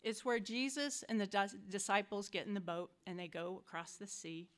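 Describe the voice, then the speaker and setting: A woman's voice: medium pitch, normal speed. A woman giving a personal scripture reflection to a church group, telling the stories emphatically and with animation. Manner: emphatic, animated storytelling, acts out quotes. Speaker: church member sharing a reflection.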